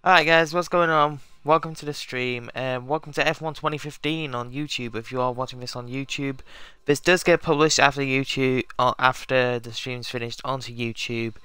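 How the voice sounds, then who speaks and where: A man's voice: mid-range voice, fairly even intonation, normal speed, pushed and bright, clear, resonant tone, no echo. A man casually chatting to his viewers as he sets up a live game stream, rambling and correcting himself as he goes.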